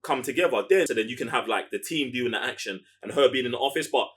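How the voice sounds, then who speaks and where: A man's voice: medium pitch, fast talker, a bit bright. A man, co-hosting a casual podcast chat and repeating words for emphasis. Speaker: podcast co-host.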